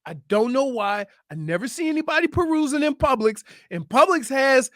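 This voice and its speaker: A radio co-host man tells stories with big swings in pitch. He interrupts and argues in casual studio banter, and his close mic sounds dry. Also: moderate pace, no room sound. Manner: animated storyteller, interrupts often.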